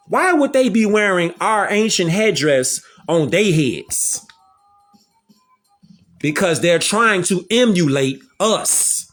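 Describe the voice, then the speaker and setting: A man's voice: sits high, a bit bright. A man hosting a talk show, lecturing viewers in an emphatic, repetitive way. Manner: emphatic, repeats phrases, addresses listeners as fam.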